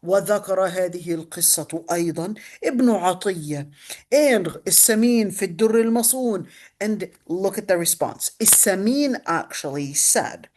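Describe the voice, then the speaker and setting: Brief: woman lecturer, mid-pitched voice, relaxed, explanatory tafsir lesson full of fillers and restarts. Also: moderate pace. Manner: conversational, with many fillers and self-corrections; explanatory, walking through a text. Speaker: Islamic studies lecturer.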